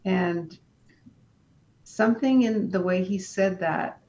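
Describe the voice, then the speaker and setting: Woman guest telling her story, calm and unhurried, creaky voice, muffled audio with a faint hum. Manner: calm and unhurried, with frequent restarts. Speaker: interview guest. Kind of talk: reflective personal storytelling. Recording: dull lo-fi sound with faint rumble.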